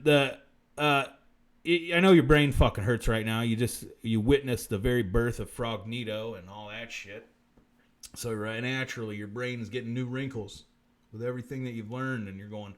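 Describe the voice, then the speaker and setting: A man hosting a live-stream comedy show, muttering profane bits deadpan and breaking into sudden shouts. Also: mid-range voice, moderate pace.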